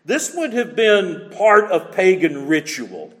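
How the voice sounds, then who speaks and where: A man's voice: sits high, sing-song, takes it slowly, few pauses, a bit bright. A man preaching a sermon with emphatic, repeated key phrases, in a church. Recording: long hall reverb.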